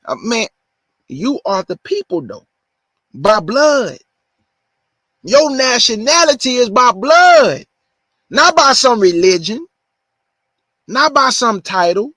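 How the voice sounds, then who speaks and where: High-voiced man preaching emphatically. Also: sing-song, sharp tone, no echo. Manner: emphatic, repeats points slowly for stress. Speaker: show host. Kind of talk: preaching monologue.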